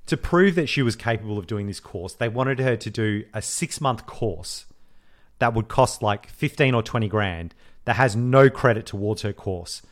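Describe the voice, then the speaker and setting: A podcast co-host with a medium-pitched voice tells a story during casual chat. He's animated, swears freely, and acts out the voices of the people he quotes.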